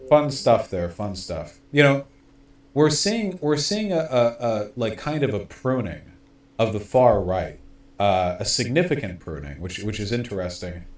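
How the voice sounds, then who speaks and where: A man's voice: lowish voice, sing-song, unhurried, echoey room. A man streaming political commentary, rambling and sardonic, with many fillers and restarts.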